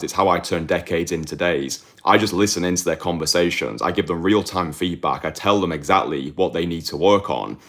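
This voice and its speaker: A man talking straight to the camera as a dating coach, blunt and emphatic, repeating phrases for effect and clearing his throat now and then. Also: low-pitched. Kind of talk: direct-to-camera monologue.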